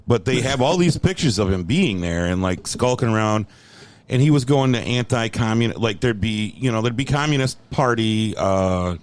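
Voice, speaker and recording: A man's voice: fairly low pitch, lively intonation, moderate pace. A man hosts a loose podcast chat with a voice that rises and falls all over the place. He tells rambling, profane stories and slips into mocking put-on voices. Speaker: podcast host. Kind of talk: casual chat.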